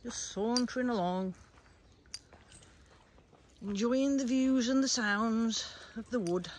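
A woman vlogging on a woodland walk, calling and praising her dogs in a sing-song way and musing quietly about the woods. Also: on the high side, slow, a little hiss or hum. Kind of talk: casual outdoor vlog with dog commands. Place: woodland outdoors.

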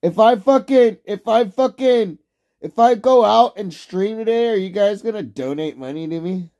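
A young man livestreaming, ranting and yelling insults at his chat, then dropping to low mutters. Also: normal speed. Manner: swings between shouting and low mutters. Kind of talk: casual livestream rant.

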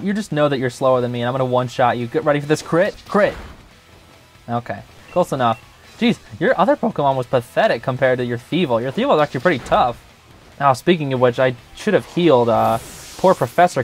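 A young man hosting a gaming channel, giving chatty, joking gameplay commentary full of filler words. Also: medium pitch.

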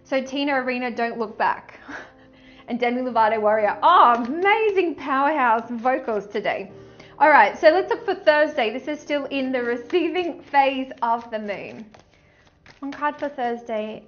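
An excitable woman with a high voice does a casual tarot reading in a gushing rush. She often breaks into snatches of song. The sound is a little dull, with soft music underneath. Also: normal speed. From Australia. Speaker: tarot reader.

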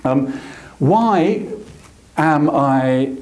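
A man telling a comic story on stage at a masterclass, self-mocking and animated, acting out the voices of the people he quotes. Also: fairly high pitch, extremely slow. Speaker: photographer giving a masterclass talk. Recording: echoey hall.

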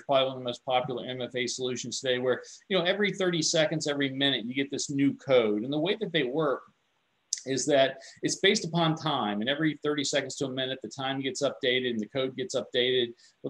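A man's voice: mid-range voice, low-quality recording. Chatty male security presenter. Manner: conversational, repeats and restarts words, animated storytelling. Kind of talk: informal tech webinar lecture.

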